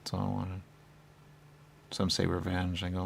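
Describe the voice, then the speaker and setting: A man telling a rambling improvised comic monologue, laughing often and swinging from shouting to muttering. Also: sits low, very animated, brisk, vocal fry, breathy edge.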